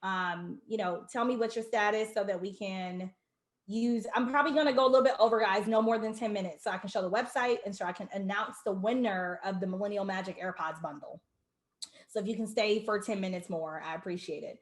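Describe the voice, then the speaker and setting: A woman's voice: mid-range voice, fairly quick. Woman hosting a live video party, gushy and emotional, greets everyone by name, echoey room. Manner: warm, emotional, effusive, greets viewers by name. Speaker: host of an online launch party. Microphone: video call.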